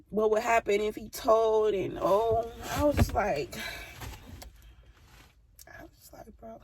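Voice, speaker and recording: A young woman with a gravelly, husky voice tells a personal story straight to her audience. She speaks bluntly and heatedly, swearing freely in a loose, casual storytime style. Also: mid-range voice, a little mellow. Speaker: vlogger.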